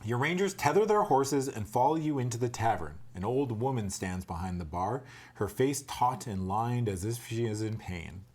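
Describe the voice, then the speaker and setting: A man's voice: medium pitch, animated, normal speed, darkish tone, a little hiss or hum. A man acting as game master, reading adventure text aloud and breaking into joking, cursing banter between passages.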